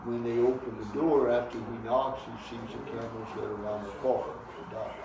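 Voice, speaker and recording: A storyteller and singer with a Cajun accent tells folk stories to a live audience in a heritage village hall, drawling in an easygoing way. His voice is medium-pitched, fairly even in intonation and a little fast. The recording is roomy and distant, with a noisy background and faint accordion.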